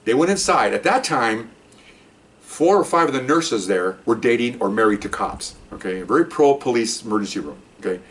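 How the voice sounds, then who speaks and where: An older man, a retired police officer, telling a story in a casual, animated way and acting out the people he quotes. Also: mid-range voice, fairly quick. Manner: animated, acts out quoted voices.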